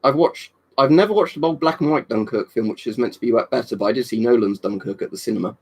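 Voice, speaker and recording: Quick-paced and slightly rough, this young man's mid-range voice has a darkish tone. He's chatting on a live stream, rambling along, cursing a lot and responding to what viewers type in chat.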